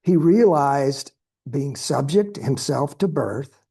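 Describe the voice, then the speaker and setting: Male dharma teacher, very slow measured delivery, dark husky voice. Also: on the high side, expressive. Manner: slow, measured storytelling with pauses. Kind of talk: dharma talk.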